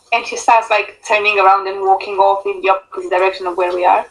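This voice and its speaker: A woman's voice: medium pitch, steady tone, fast, few pauses, a little hiss or hum, poor audio. A woman playing a tabletop game, hesitant and thinking aloud with many fillers. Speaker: player. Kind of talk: casual tabletop play.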